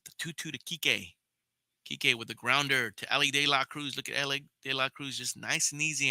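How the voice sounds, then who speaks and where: Forceful, sharp-voiced man calling baseball. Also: medium pitch, steady tone, normal speed, no echo. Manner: chatty, swears, talks to live chat viewers. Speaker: podcast host and play-by-play caller. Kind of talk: casual live play-by-play commentary.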